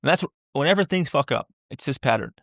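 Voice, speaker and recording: A man's voice: a little high, animated, fast talker, fairly bright tone, no echo, studio quality. A man speaking as a podcast guest, talking candidly and loosely, repeating words as he goes and swearing casually. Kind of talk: candid conversational interview.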